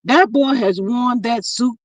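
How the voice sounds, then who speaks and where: A woman hosting a livestream, reading viewer comments aloud in animated, gossipy chat and calling out to y'all. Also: fairly high pitch, a little slow, dry recording. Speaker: livestream host.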